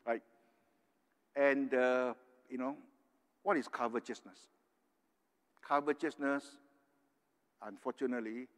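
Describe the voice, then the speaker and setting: An older man from Singapore preaching a sermon, earnest and tagging his points with "right?". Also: medium pitch. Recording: long hall reverb.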